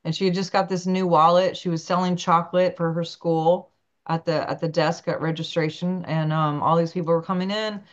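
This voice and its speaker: A woman with a lower speaking voice tells personal stories in an interview. She swings into animated, higher quoted voices as she acts out each scene. The audio is dull and lo-fi. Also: fairly quick. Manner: animated, acts out quotes with big pitch jumps. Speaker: guest, naturopathic doctor. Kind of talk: storytelling in an interview.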